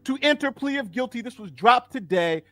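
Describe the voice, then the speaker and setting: A man with an extremely high-pitched voice, speaking at a moderate pace with no room sound, hosts a legal commentary channel's casual live stream. He's animated and chatty, repeating himself and gloating as he talks.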